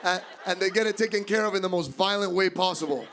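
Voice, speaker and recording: A young man from doing stand-up comedy, animated and acting out voices. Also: high voice, fast talker, a little hiss or hum. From Miami, USA.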